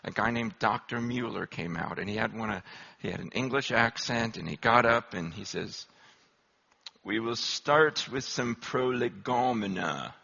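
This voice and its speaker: A man giving an animated storytelling sermon at a conference, acting out the voices he quotes. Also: lowish voice, normal speed, vocal fry, husky, big-room sound, lo-fi sound. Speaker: conference speaker.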